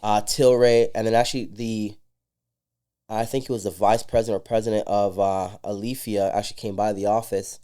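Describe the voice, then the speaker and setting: A man's voice: lowish voice, a little fast, clear, resonant tone. A man guesting on a podcast, telling his story in casual chat and acting out the dialogue. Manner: animated storyteller who acts out dialogue. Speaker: entrepreneur guest.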